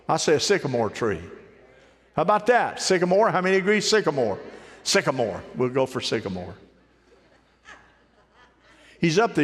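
Folksy preaching man in a reverberant hall. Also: on the high side. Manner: folksy, animated preaching with questions to the congregation. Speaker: pastor. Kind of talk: sermon.

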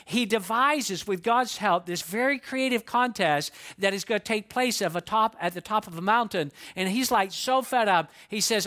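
A man preaching a sermon, retelling a story in a lively, conversational way with frequent asides to his listeners. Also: sits high, moderate pace, few pauses. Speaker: pastor.

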